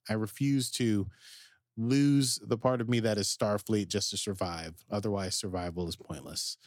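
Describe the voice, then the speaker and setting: A man's voice: fairly low pitch, fairly even intonation, moderate pace, dry recording, clean studio sound. A man co-hosting a podcast, casually recapping an episode in a rambling way, full of fillers and acted-out quotes. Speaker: podcast co-host.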